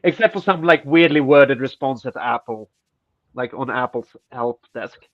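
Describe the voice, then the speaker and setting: A man's voice: medium pitch, normal speed, lo-fi sound. A man co-hosting a podcast in casual chat, ranting and swearing, with a stuffy nose. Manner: profane, ranting, animated. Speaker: podcast co-host.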